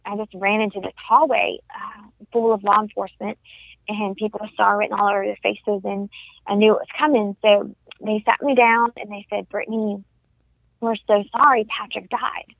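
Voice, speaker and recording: A woman's voice: mid-range voice, flat delivery, normal speed, gravelly, dry recording. A young woman telling her story of loss in an earnest, heartfelt way as a podcast guest. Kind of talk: personal testimony in a podcast interview. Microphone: phone call. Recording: tinny phone line, dry.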